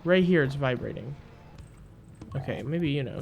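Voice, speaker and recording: A man commentating casually as he plays a video game, excitable and quick to mock his own frustration. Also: medium pitch, creaky, dull audio, slight background noise.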